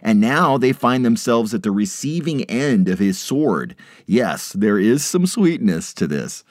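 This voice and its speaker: A podcast host reads out quotes at a measured pace, his voice swinging widely in pitch, then lowers it for sarcastic asides. The recording is studio quality, without echo.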